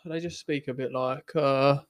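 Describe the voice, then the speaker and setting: A man's voice: mid-range voice, steady tone, a little slow, dry recording, studio quality. A young man co-hosting a podcast, bantering casually, laughing often and swearing freely. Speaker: podcast co-host.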